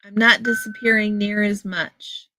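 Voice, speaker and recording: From home in front of a green screen, a woman livestreams casually, talking to viewers and answering their messages by name through a headset earpiece mic. Her mid-range voice has little pitch movement and a sharp tone, and she takes her time. Soft music plays in the background of this dry, low-quality recording.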